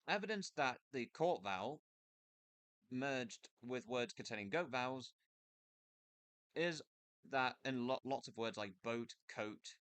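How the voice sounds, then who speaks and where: A man giving a casual spoken explainer over a screen recording, thinking aloud in a loose, hesitant way with pauses and restarts. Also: medium pitch, a bit bright, no room sound. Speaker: video creator explaining accents. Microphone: computer mic with screen capture.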